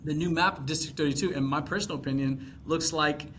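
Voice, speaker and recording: A man's voice: on the high side, fairly even intonation, quick pace, fairly bright tone, a little hiss or hum. Chatty Texan man with rambling fillers. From Texas. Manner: rambling, frequent "you know" fillers and restarts. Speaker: congressional candidate. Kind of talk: casual podcast conversation.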